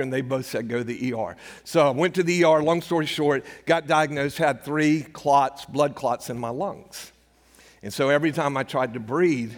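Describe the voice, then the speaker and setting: Older male preacher, slightly high voice, chatty storytelling sermon, long hall echo. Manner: conversational storytelling, acts out quoted dialogue. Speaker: pastor. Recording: hall reverb.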